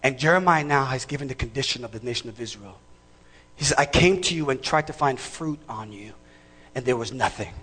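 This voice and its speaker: A man preaching a sermon in a church, emphatic and shouting, calling out to the congregation. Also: mid-range voice, animated, a little fast. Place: church sanctuary. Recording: long reverb of a large hall.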